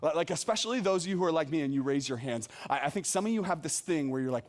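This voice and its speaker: A young adult man preaching a sermon to a young adults service, telling stories about himself in an animated, self-deprecating way. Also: fairly high pitch, quick pace, hardly any pauses.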